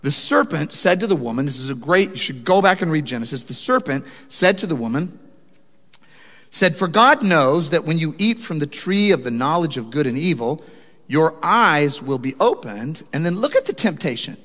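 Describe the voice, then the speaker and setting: A man preaching a sermon, telling stories with animated, building emphasis. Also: a little high, moderate pace, big-room sound. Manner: animated storytelling with rising emphasis. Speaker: pastor.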